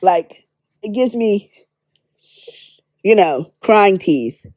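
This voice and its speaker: Blunt, outspoken woman with a mellow voice. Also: medium pitch, expressive, drawn-out words, no echo. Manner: blunt, candid, swears freely. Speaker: beauty drama commentator. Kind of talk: casual commentary vlog.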